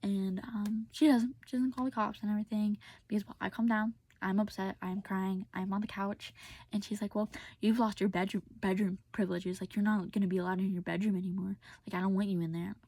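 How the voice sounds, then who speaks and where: A woman's voice: mid-range voice, flat delivery, brisk, a little mellow, no room sound. A young woman telling a personal story in a casual, venting way, often dropping to a whisper and close to tears. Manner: casual, venting, many fillers, drops to whispers. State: tearful.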